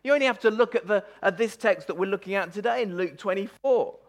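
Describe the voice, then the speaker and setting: Male preacher, slightly high voice, emphatic conversational sermon, restarts and repeated words. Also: fast talker. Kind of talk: conversational sermon on a Bible passage.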